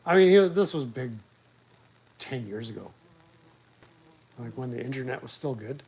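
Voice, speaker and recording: A husky, somewhat mellow mid-range male voice, animated and at an ordinary speed, comes through poor audio. The speaker is casually running a live talk stream from his laptop at home, where he rambles and makes crude jokes at his own expense.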